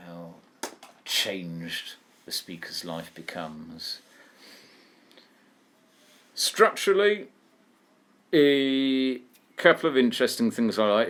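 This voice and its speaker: A male English teacher talks through a poem in an online lesson. His voice sits fairly low and he speaks slowly, musing aloud and putting questions to his class. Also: fairly bright tone.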